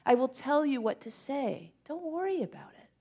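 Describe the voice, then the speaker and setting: A woman's voice: high-pitched, very animated, normal speed, vocal fry, pitched above the performer's own voice, exaggerated voice. A woman voicing a divine figure who coaxes and reassures in a light, encouraging way. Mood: reassuring. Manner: warm, coaxing, reassuring.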